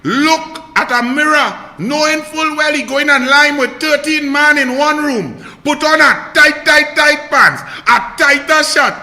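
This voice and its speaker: Trinidadian man going off on politics, high sharp voice, sarcastic, shouty, echoey room. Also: a little slow, hardly any pauses. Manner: fiery, indignant, sarcastic, rising to shouts. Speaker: political commentator. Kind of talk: political rant. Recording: echoey room with long reverb.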